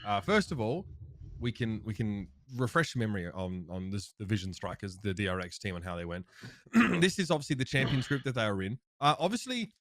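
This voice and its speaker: A man's voice: fairly low pitch, lively intonation, brisk, fairly bright tone, dry recording, clean studio sound. A man hosting a casual esports podcast, chatty and loose, with plenty of profanity. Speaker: host.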